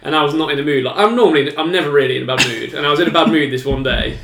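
Young man, English accent, casual podcast chat, fast, echoey room. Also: fairly high pitch, creaky, fairly bright tone, a little hiss or hum. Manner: rapid, swearing, storytelling. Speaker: podcast co-host.

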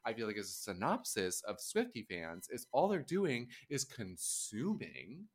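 A man's voice: medium pitch, wildly swooping pitch, unhurried. A man co-hosting a podcast in casual chat, ranting with heavy swearing and sarcasm. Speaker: podcast co-host.

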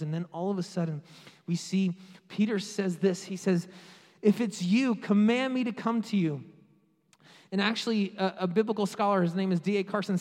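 A man preaching a sermon with passion, rising to loud peaks and dropping to quiet asides. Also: sits high. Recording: long hall reverb.

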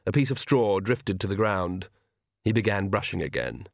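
A man reading a comic fantasy novel aloud as audiobook narrator, in an even, measured storytelling manner. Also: fairly low pitch, creaky, no echo, studio quality. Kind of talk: scripted narration.

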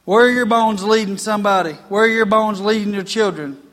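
Male pastor, folksy sermon storyteller, bright tone, long hall echo. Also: high voice, brisk. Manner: folksy storytelling preacher, rising to emphatic preaching. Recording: long reverb of a church hall.

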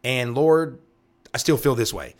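An earnest man talks through the scripture as a pastor. He repeats key phrases and checks in with a quick "right?" as he works through each verse. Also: mid-range voice, expressive. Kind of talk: devotional Bible teaching talk.

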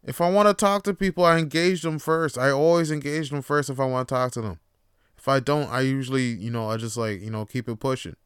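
A man's voice: medium pitch, fairly quick, clear, resonant tone, no room sound. A young man hosting a podcast who talks in a rambling, profane and blunt way, close to the mic. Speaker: podcast host. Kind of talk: casual monologue.

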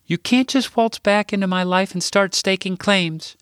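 A man's voice: a little high, lively intonation, normal speed, no echo, clean studio sound, voice pushed up. A man doing a stern, exasperated woman. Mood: indignant. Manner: sharp, accusing questions.

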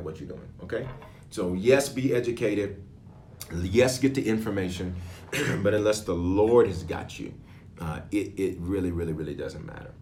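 A man leading prayer and preaching a sermon as bishop, with sudden loud emphasis and frequent throat clearing. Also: fairly low pitch, echoey room, a little hiss or hum.

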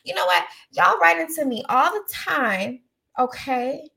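Outspoken woman with a gravelly edge. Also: high voice, animated, measured pace, bright, forceful tone. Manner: outspoken, emphatic, repeats phrases for effect. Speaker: podcast host. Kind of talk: casual chat giving advice.

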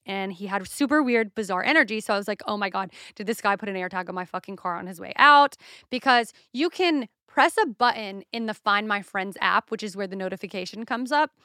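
A young adult woman hosting a podcast, telling a story in a casual, profane and animated solo rant. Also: fairly high pitch, no room sound, studio quality. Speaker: podcast host.

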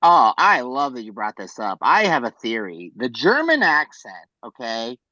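A man co-hosting a podcast in casual chat, animated and rambling, with frequent swearing and asides. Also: mid-range voice, normal speed, dry recording, muffled recording. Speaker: podcast co-host.

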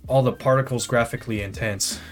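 A man's voice: medium pitch, fairly even intonation, brisk. Easygoing man co-hosting a podcast. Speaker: podcast co-host. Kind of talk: casual gaming podcast chat.

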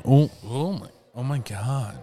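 A man hosting a rowdy casual podcast chat, loud, swearing and exclaiming. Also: mid-range voice, unhurried. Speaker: podcast host. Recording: crowd noise behind.

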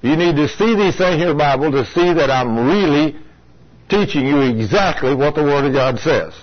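Preaching in a plain-spoken, folksy style, a man addresses his congregation head-on and acts out complainers. His voice is on the high side with lively intonation and a moderate pace, and the sound is a lo-fi radio broadcast.

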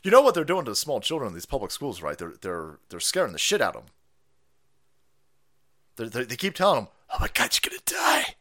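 A man's voice: mid-range voice, huge pitch swings, brisk, pauses often. A man hosting a livestream, ranting in a foul-mouthed, mocking way. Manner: loud, mocking, swings between mutters and yells. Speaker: livestream host. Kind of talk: foul-mouthed political rant.

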